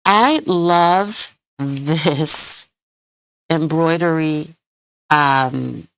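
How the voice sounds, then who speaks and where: A woman hosts a live craft tutorial from home, chatting with viewers and often hunting for the right word. Her voice sits low and moves at an unhurried pace. The sound is dry and close. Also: clear, resonant tone, dry recording. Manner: chatty, rambling, hunts for words, laughs often. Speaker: crafting channel host.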